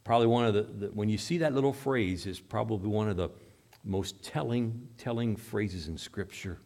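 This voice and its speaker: A male pastor delivers a sermon in a church at a moderate pace, swinging widely between hushed, low passages and loud, emphatic ones.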